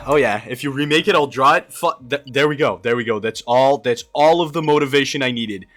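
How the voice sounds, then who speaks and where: A young man from Brazil doing live gameplay commentary as a streamer, excitable and quick to swear and yell. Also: medium pitch, faint music behind. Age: young adult. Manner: excitable, swears often, yells and laughs in frustration.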